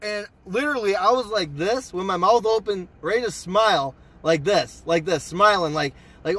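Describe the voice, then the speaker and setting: A young man telling a personal story to his channel in a casual, profane, excitable way. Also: high-pitched, normal speed, hardly any pauses. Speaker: storytime vlogger.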